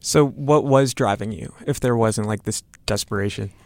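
Low-voiced male interviewer. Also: moderate pace, a little mellow, no room sound. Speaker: interviewer host. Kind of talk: interview questions.

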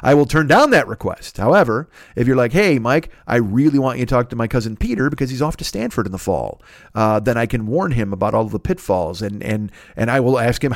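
A man's voice: mid-range voice, big pitch swings, fast talker, no room sound, studio quality. A man hosting a podcast, rattling off plugs and sponsor reads in a loose, rambling, profane way with frequent self-corrections. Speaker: podcast host.

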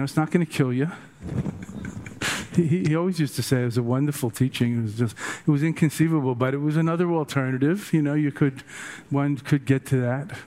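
A man's voice: medium pitch, a little mellow, a little hiss or hum. An older man tells meditation stories in a loose, joking way. He wanders between anecdotes as a teacher speaking to a group. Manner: chatty, humorous, digressive. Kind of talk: storytelling dharma talk.

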